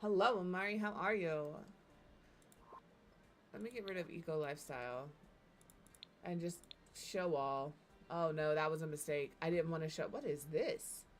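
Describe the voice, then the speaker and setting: Woman streamer just chatting while she builds, giggly storytelling, kinda low voice. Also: moderate pace, pauses often, a little hiss or hum. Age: adult parent. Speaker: game streamer. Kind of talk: casual chat while building in a game.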